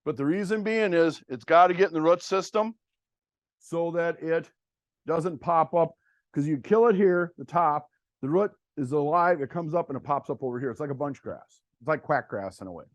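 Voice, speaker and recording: Presenting on cover crops at a farm workshop, a middle-aged seed dealer talks to farmers in a plainspoken, blunt, folksy manner. He speaks at normal speed with a fairly high pitch, captured in a dry recording.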